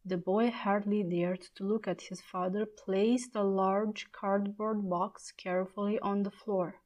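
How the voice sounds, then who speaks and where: A woman reading a children's story aloud in a clear, measured way. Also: medium pitch, fairly even intonation, a little mellow.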